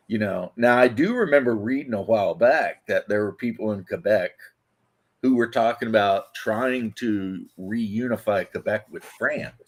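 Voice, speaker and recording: A man hosting a casual podcast chat, rambling and laughing as he talks. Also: lowish voice. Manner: rambling, laughs often, loose fillers. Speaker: podcast host.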